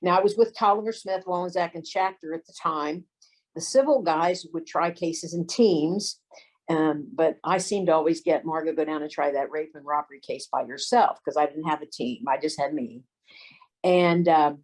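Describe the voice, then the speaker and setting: Older woman, low-pitched, relaxed raconteur recounting legal career stories. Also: rough recording. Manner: folksy anecdotes, acts out quoted voices. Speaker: lawyer and former detective. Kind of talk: storytelling interview.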